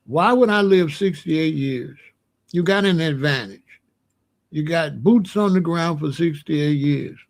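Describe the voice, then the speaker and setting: Slow gravelly man in his sixties. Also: a little high. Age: 60s. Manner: slow, repetitive, drawling. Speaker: livestream host. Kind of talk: casual commentary to live chat.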